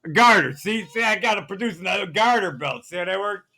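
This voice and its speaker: Male vlogger, gravelly and forceful, ranting and conspiratorial, filmed on a phone in store aisles. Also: high voice, animated, quick pace. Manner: ranting, conspiratorial, repeats "see how that works". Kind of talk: ranting shopping vlog.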